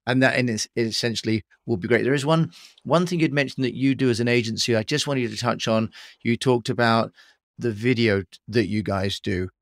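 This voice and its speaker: A man's voice: medium pitch, fairly quick, no echo, studio quality. A man hosting a podcast interview, thanking and prompting his guest, with a few restarts. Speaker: podcast host.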